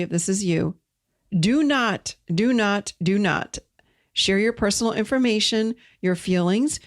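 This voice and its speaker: A middle-aged woman hosting an advice talk on relationships, speaking emphatically and repeating key words for stress. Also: mid-range voice. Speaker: podcast host.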